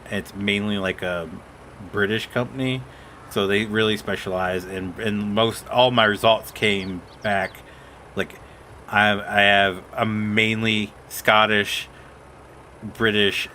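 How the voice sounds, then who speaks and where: Bright-voiced man rambling on stream. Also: lowish voice, a little hiss or hum. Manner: rambling storyteller, quotes others. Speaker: streamer host. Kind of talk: casual gaming chat.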